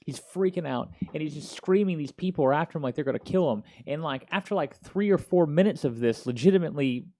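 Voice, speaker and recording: A man in his thirties hosting a casual talk show, telling a story in an animated, slangy way. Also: fairly high pitch, fast talker, hardly any pauses. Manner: slangy, animated, peppered with "dude" and "yo". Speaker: podcast host.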